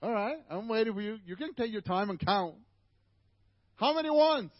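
A man's voice: high-pitched, fairly quick, no echo, muffled recording. A man with a Spanish accent, native Spanish speaker, preaching a conversational sermon to a church congregation with asides to the listeners.

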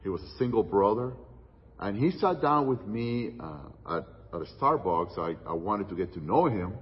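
Preacher man with a husky low voice. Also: lively intonation. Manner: storytelling, dramatic pauses, drops to hushed tones for quotes. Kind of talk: sermon. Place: church hall. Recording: distant, muffled church hall recording with long reverb.

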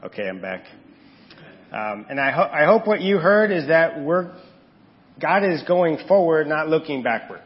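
Pastor guy preaching, pretty high voice, big echoey church, dull lo-fi sound. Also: animated, moderate pace. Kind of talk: sermon. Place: church sanctuary. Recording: lo-fi recording with long church reverb.

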